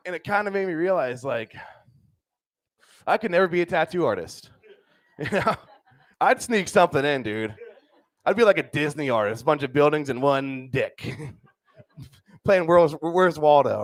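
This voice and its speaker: A young male comic works a club stage with a loose, crude delivery and keeps tagging lines with "dude" and "right?". His voice sits a little high for a man. The handheld mic sound is close and dry, with no echo. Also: animated, measured pace, long pauses. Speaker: stand-up comedian. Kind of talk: stand-up comedy set.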